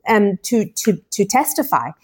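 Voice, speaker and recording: A woman's voice: mid-range voice, very animated, measured pace, slightly rough. A woman voicing a grieving biblical man in a scripture lesson, pleading his innocence in an anguished voice and repeating her words.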